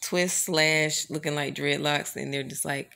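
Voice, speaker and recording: Creaky-voiced woman chatting to camera. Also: low voice, steady tone, unhurried, bright, forceful tone. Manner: rambling and chatty, addresses viewers as y'all. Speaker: vlogger. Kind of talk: casual chat to camera.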